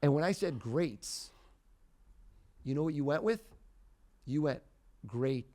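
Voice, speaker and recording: Theatrical mentalist man, swings loud. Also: on the high side, unhurried. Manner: theatrical, rising to loud excited bursts. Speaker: mentalist guest. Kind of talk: live mind-reading performance.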